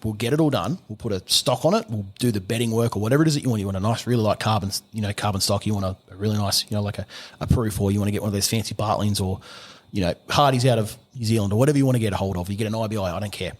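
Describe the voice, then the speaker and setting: A man's voice: on the low side, racing, hardly any pauses. A middle-aged man with an Australian accent, a gunsmith guest on a podcast, explaining at length in casual chat and acting out little bits of dialogue. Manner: rambling, animated explaining with acted-out dialogue.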